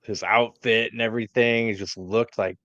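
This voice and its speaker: A man co-hosting a wrestling podcast, recapping the show slowly and hesitantly with many fillers, on a dull lo-fi mic. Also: fairly low pitch, fairly even intonation, fairly bright tone, no room sound. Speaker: podcast co-host.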